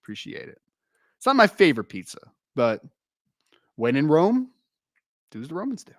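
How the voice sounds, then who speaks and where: Higher-voiced South Jersey man, dry sound. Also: wildly swooping pitch, moderate pace, dry recording. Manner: chatty, repeats himself. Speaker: co-host. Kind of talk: casual podcast chat.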